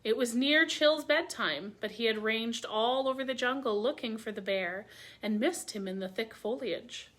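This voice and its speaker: A woman reading a classic novel aloud for a library story hour, measured and clear, with small slips. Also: on the high side, fairly bright tone.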